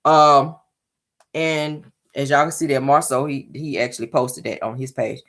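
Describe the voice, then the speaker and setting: Sitting in her parked car, a woman records sassy celebrity gossip commentary on a phone or dashboard mic. Her voice rumbles low at a measured pace, and she is lively, throwing in mocking impressions.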